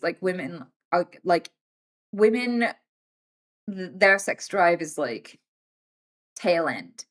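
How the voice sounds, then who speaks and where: Woman in her thirties chatting to her stream. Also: on the low side. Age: 30s. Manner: animated and swearing, acts out quoted voices. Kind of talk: casual live-stream chat.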